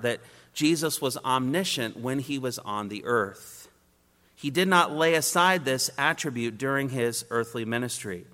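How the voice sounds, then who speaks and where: A man's voice: medium pitch, expressive, unhurried, pushed and bright, long reverb tail. A man preaching an expository sermon, emphatic and driving his points home in repeated triads.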